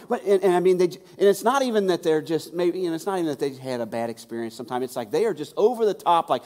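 High-voiced pastor preaching in a reverberant hall. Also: male voice, animated, fast, hardly any pauses, darkish tone. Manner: conversational, repeats words when emphasizing. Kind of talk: sermon.

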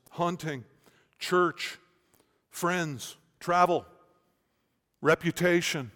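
A man preaching an expository sermon, swinging between forceful stressed words and quiet, searching questions. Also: fairly high pitch. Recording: long reverb of a large hall.

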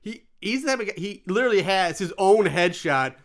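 Guy with a kinda high voice ranting about a cheap movie, says like constantly, swears a lot. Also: animated, normal speed. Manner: rambling, full of "like", mocking, profane. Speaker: podcast co-host. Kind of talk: casual movie review chat.

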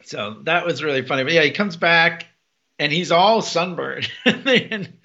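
A man co-hosting a podcast, chatting casually and laughing as he retells TV scenes with quick quoted lines. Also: on the high side, sharp tone. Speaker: podcast co-host. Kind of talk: casual episode recap chat. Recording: dull lo-fi podcast mic.

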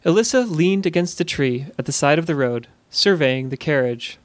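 A man telling a fantasy story in a measured, steady narrating voice. His pitch sits a little higher than most men, and the recording is dry and close, with no room sound. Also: no room sound. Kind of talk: scripted narration.

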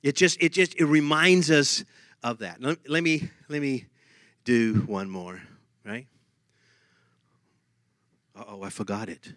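A man preaching a lively sermon, humming tunes and laughing as he talks. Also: mid-range voice, slow pace, long pauses, no room sound, studio quality.

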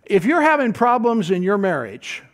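A middle-aged man preaching a sermon in a folksy, animated way, tossing out asides to the congregation. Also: high-pitched, moderate pace. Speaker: pastor.

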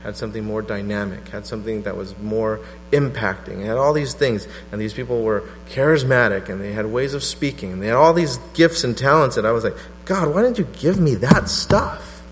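A man's voice: fairly quick, hardly any pauses. Man preaching in a reverberant hall. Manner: animated storytelling, voice rising to a high pitch in quoted prayers. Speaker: pastor. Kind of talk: sermon. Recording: reverberant hall with mains hum.

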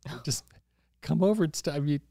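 A man hosting a podcast, telling stories in a gushing, animated casual chat. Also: a little high, fairly quick, gravelly, dry recording, studio quality. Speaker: podcast host.

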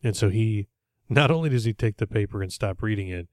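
A man with a low voice retells a TV episode in a loose, rambling chat, restarting his sentences as he goes. The recording is dry and close, with no room sound. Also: brisk, darkish tone, no room sound. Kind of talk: casual chat.

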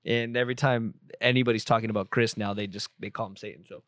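A man's voice: lowish voice, steady tone, fast talker, a bit bright, dry recording. A young man, a photographer, answering viewer questions in casual chat, rambling with lots of swearing and self-corrections.

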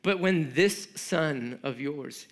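A man's voice: on the high side, takes it slowly, a bit bright. Man reading as a bitter older son, a bit raised and complaining. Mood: aggrieved. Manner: aggrieved, protesting. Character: resentful older brother complaining to his father.

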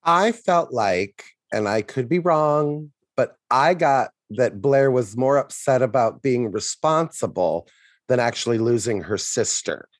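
A man's voice: mid-range voice, lively intonation, a little slow, no room sound. A man co-hosting a podcast in casual chat, emphatic, restarting sentences and acting out frantic lines. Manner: emphatic, hesitant restarts, acts out frantic quotes. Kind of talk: casual chat reviewing a sitcom.

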